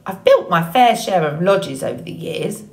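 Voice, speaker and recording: A woman's voice: mid-range voice, sing-song, moderate pace, darkish tone. A woman voicing a stubborn, grumpy male beaver in a storybook reading. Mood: grumbling.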